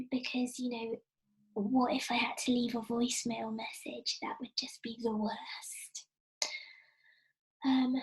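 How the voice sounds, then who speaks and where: A middle-aged woman giving a personal storytelling talk, soft-spoken, often dropping to a breathy near-whisper, with frequent ums. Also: on the high side, rough recording. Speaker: speaker giving an inspirational talk.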